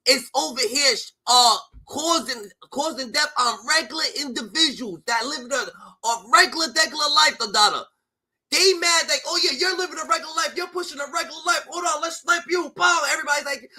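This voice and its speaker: A young man on a live stream, ranting heatedly with lots of swearing and a constantly repeated catchphrase, at times shouting. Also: very high voice, breathy edge. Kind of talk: heated livestream rant.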